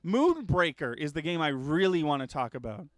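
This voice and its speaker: A man hosting a gaming news show in a loose, rambling way, full of ums, uhs and quick self-corrections. His slightly high voice is smooth and clear, recorded close and dry with no room sound. He sounds eager about the games he covers. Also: no echo. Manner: excitable about upcoming games. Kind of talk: casual news chat.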